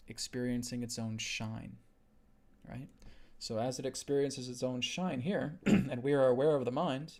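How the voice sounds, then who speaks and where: Brief: male spiritual host, mid-pitched and gravelly, earnest and insistent. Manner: earnest, repetitive, with emphatic "right?" asides. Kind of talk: spiritual teaching on a live stream.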